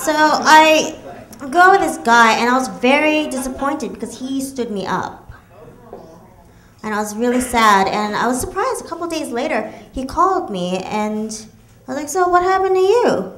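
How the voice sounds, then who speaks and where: A woman from the United States performing a stand-up comedy set with playful, deadpan asides. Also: high voice, moderate pace. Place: comedy club stage. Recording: roomy club with audience laughter. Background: audience laughter.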